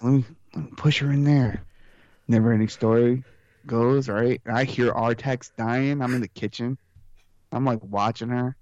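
A man in casual podcast chat, spinning animated stories and mimicking the people in them. His voice sits dry and close, with a dull, slightly muffled tone. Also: mid-range voice, normal speed, dry recording.

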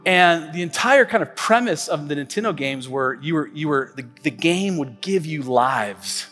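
Preacher telling stories with casual fillers. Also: male voice, on the high side, expressive, moderate pace, sharp tone, big-room sound, soft background music. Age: 40s. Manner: casual storytelling, many fillers and restarts. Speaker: pastor. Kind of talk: sermon. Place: church stage.

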